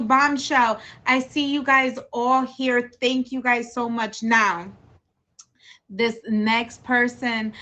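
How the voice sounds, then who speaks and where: A woman's voice: a little high, fairly even intonation, drawn-out words, pushed and bright. A woman hosting a casual livestream talk show, effusive and emotional, calling out to her viewers and gushing over her guest.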